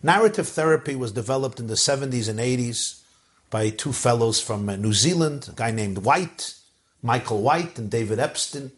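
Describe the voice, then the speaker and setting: A man's voice: medium pitch, normal speed. A man giving an emphatic Torah lecture as a rabbi, repeating phrases for emphasis and using an Ashkenazi Hebrew pronunciation. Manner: mixes Hebrew and Yiddish words into English.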